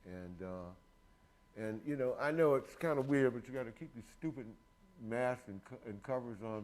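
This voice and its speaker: An older man in his sixties hosts an easygoing show, rambling from one thought to the next and cracking jokes. His pitch swings widely and expressively, and he often breaks into laughter. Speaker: host. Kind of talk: casual chat.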